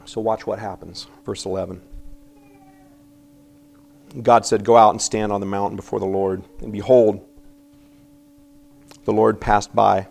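A man preaching a sermon, reading scripture aloud and acting out the voices in it, swinging from loud emphasis to quiet asides. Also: on the low side, creaky. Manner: animated preaching, acting out biblical voices with sudden quiet drops. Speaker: pastor.

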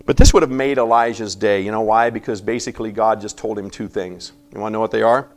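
A man preaching a sermon, reading scripture aloud and acting out the voices in it, swinging from loud emphasis to quiet asides. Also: fairly low pitch, fast. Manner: animated preaching, acting out biblical voices with sudden quiet drops. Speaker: pastor.

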